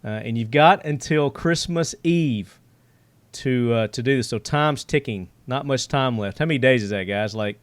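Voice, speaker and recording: A man's voice: medium pitch, moderate pace, clean tone, dry recording. A middle-aged man hosting a podcast, telling stories in a loose, rambling way full of fillers. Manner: rambling storyteller with many fillers. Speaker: podcast host. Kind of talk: casual podcast chat.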